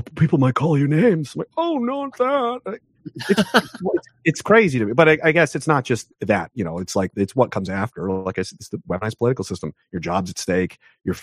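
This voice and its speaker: A man talking as an interview guest, ranting emphatically, with his pitch jumping up sharply on the points he stresses. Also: no echo, studio quality. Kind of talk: heated conversational interview.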